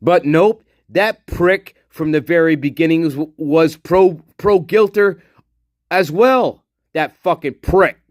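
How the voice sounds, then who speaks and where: A man's voice: on the high side, slow pace, no room sound, clean studio sound. A man hosting a casual livestream, swearing and ranting angrily, then muttering to himself as he reads the chat. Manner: profane angry ranting; muttering while reading chat. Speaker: livestream host.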